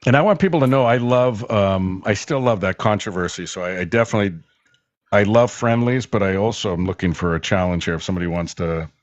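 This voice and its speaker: A man's voice: on the low side, fairly quick, no echo, lo-fi sound. A man, a former radio host, telling long rambling anecdotes with many fillers as a guest on a call-in show. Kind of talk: casual storytelling in a call-in show.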